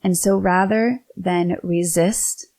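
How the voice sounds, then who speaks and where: A woman's voice: on the low side, steady tone, slow pace, vocal fry, darkish tone. A woman in her forties hosting a podcast, telling a personal story in an earnest, candid way with some restarts. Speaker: podcast host.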